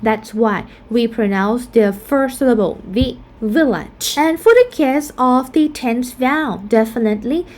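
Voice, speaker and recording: Slow, careful woman teaching phonetics. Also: a little high, a little mellow. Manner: explanatory, repeats example words slowly. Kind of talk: casual recorded lesson.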